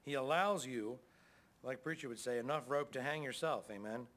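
A man's voice: medium pitch, moderate pace, a bit bright. A middle-aged man preaching a sermon as pastor, in a folksy, conversational way with frequent calls of amen.

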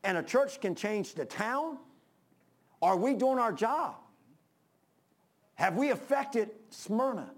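Older pastor, high voice, fervent sermon delivery with swings from loud pleas to quiet asides. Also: male voice, animated, slow pace, pauses often. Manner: impassioned preaching, rises then drops low.

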